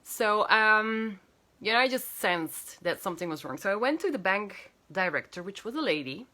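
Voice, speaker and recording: Animated woman telling a personal story. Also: mid-range voice, moderate pace. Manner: animated, emotional retelling with many fillers and restarts. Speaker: healer and coach.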